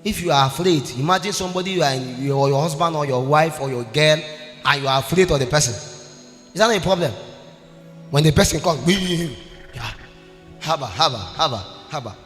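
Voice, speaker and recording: A man preaches in a high, ringing voice, moving from fervent shouts to a sing-song cadence. His sermon echoes through a large church hall with a long reverb and soft music underneath. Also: a little fast. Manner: impassioned, swings between shouting and sing-song.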